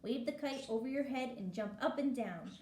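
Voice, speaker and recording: A woman voicing a cheerful, patient male frog from a storybook, reading in a steady, encouraging way. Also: high voice, moderate pace, far from the mic, lightly acted. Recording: echoey room with faint hiss.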